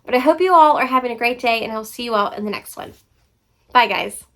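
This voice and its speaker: A young woman who vlogs about books chats casually and with real enthusiasm about novels she's read, now and then tripping over her words. Her voice sits on the high side, animated and a little fast.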